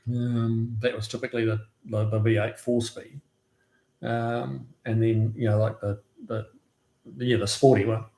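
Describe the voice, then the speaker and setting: A man's voice: medium pitch, level tone, a little slow, vocal fry, mellow. A man hosting a casual live stream, chatting about classic cars and answering viewers' comments with easy laughs. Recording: roomy echo.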